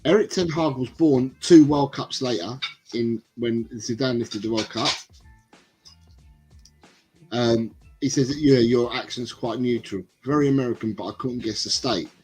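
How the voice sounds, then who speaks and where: A man's voice: mid-range voice, measured pace, a little mellow, faint music behind, low-quality recording. A man hosting a casual football livestream, reading chat comments aloud and rambling between them. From England. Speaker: livestream host.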